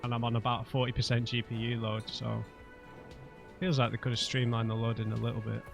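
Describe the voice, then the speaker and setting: Male let's play host, casual and joking, gravelly. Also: mid-range voice, little pitch movement, brisk, music in the background. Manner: chatty, joking, reads dialogue aloud. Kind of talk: casual gameplay commentary.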